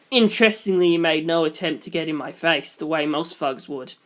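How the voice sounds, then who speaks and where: Male narrator, mid-high voice, dramatic story reading. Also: fairly quick, hardly any pauses. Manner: switches into shouted character voices. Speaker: reader. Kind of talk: dramatic reading of a fan novel.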